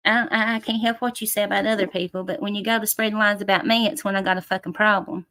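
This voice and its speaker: A woman's voice: mid-range voice, steady tone, quick pace, few pauses, fairly bright tone, no echo, studio quality. A woman hosting a casual livestream, greeting viewers with endearments and breaking into swearing rants. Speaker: livestream host. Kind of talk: casual live chat reading comments.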